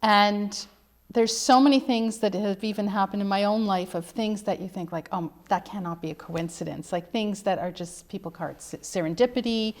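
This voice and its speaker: A woman's voice: medium pitch, moderate pace. A middle-aged woman, an author being interviewed, telling her family's story in an earnest, emphatic way. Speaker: author guest. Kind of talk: interview conversation.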